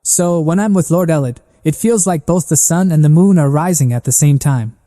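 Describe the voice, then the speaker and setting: A man voicing an earnest young girl who was once a spy, in a plain even reading. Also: fairly high pitch, normal speed, in a large hall, voice pushed up, lightly acted.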